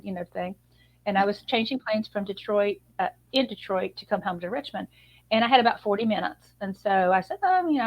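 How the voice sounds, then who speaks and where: Woman spinning a funny story over a video call, chatty and animated, laughs along, mid pitch. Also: muffled recording. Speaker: guest author and image consultant.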